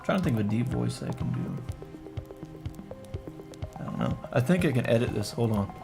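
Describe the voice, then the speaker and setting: A man's voice: medium pitch, very animated, normal speed, vocal fry. A man streaming from his home setup, chatting casually and joking as he draws. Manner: rambling, jokey, self-talk. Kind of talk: casual chat while drawing. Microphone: microphone through audio interface. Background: music.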